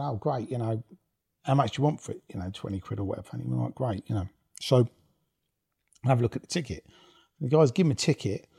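Husky-voiced man telling stories. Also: medium pitch, mellow. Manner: blunt, swears often, laughs while telling stories. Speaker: guest, former rave promoter. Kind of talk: casual storytelling interview.

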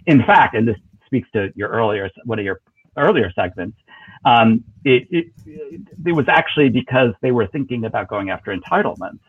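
A man's voice: medium pitch, animated, moderate pace, husky, no room sound. A man as an interview guest, talking politics in a thoughtful, hesitant way with many fillers and restarts. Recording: tinny dry phone line.

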